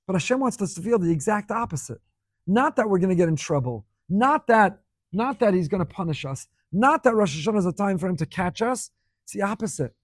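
High-voiced man preaching with emphatic repetition. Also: animated, fairly quick, dry recording. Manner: emphatic, rhetorical questions and repeated phrases. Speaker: rabbi teaching students. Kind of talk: sermon. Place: speaking in Jerusalem.

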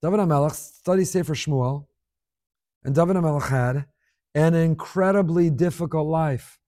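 A middle-aged man teaching a Torah class, sharing listener emails with animated emphasis and Hebrew words woven in. His voice sits fairly high but sounds mellow and dark. The recording is dry and close. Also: normal speed, no echo.

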